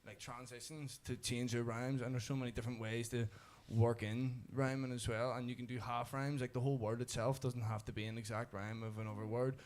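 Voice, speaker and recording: A man's voice: medium pitch, little pitch movement, fairly quick, hardly any pauses, darkish tone. Rambling young man. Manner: rambling explainer, restarts, many "like"s. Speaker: rapper guest. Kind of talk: casual radio studio chat.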